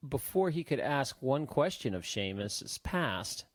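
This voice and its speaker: A male audiobook narrator reads the story with a lively, rising-and-falling pitch. His voice sits in a middle register and is recorded dry and close. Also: measured pace, dry recording. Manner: expressive storytelling.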